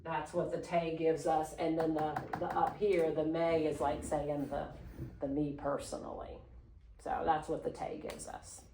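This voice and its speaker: A woman teaching a Spanish class, slowly modeling phrases for students to repeat. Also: low-pitched, level tone, warm tone, a little hiss or hum. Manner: patient, slow modeling of phrases. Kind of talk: classroom lesson. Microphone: phone camera propped on a water bottle. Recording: echoey classroom.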